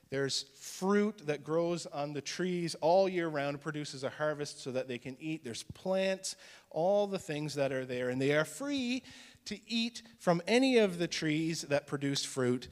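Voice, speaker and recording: A male pastor preaching a sermon in a conversational teaching style, dropping to a hushed voice for emphasis. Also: on the high side, long reverb tail.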